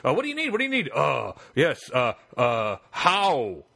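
A man's voice: on the high side, huge pitch swings, normal speed, creaky, sharp tone, exaggerated voice. A man putting on the voice of an eager middle-aged man answering a phone call, stammering and overly agreeable. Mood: flustered eager.

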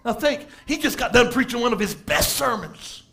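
A man preaching an impassioned sermon, swinging between hushed asides and shouted emphasis and repeating phrases to drive points home. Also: extremely high pitch, animated, moderate pace, gravelly.

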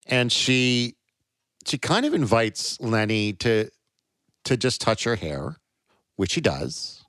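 A man's voice: sing-song, slow, long pauses, a bit bright, no room sound, studio quality. A man co-hosting a podcast, chatting casually about a novel and reading passages aloud. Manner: reads aloud, raising his pitch for quoted lines. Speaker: podcast co-host. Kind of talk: casual book discussion with a dramatic reading.

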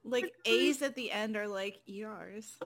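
A woman chatting casually on a podcast. She states her opinions bluntly and plainly, in a mid-pitched, everyday voice. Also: unhurried, a little hiss or hum. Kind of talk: casual chat.

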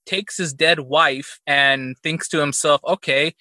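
Man, podcast host, bright tense tone, dry close sound, easygoing and laughing. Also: a little high, steady tone, slow, no echo. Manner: laughing, easygoing, leads the discussion. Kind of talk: casual movie review chat.

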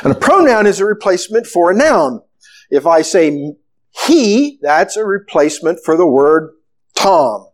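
A man preaching a sermon, retelling a story with animated, storytelling delivery. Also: sits high, unhurried. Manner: animated storytelling, acting out the disciples' panic. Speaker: pastor.

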